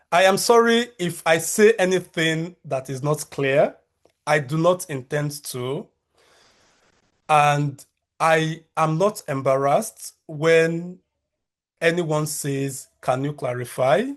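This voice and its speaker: A man in his thirties with a Nigerian accent, a researcher and lecturer giving a measured conference talk over a video call, with frequent fillers and restarts. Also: fairly high pitch.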